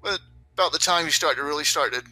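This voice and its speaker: Brief: laid-back male game master, loose rambling narration, bright voice, on a voice call. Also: on the high side, fast talker, poor audio. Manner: rambling, loose, many fillers. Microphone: online voice call.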